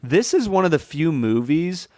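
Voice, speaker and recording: A man's voice: fairly high pitch, big pitch swings, moderate pace, darkish tone, no room sound, studio quality. A man co-hosting a film podcast, talking enthusiastically and often restarting his words. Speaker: podcast co-host. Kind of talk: casual film discussion.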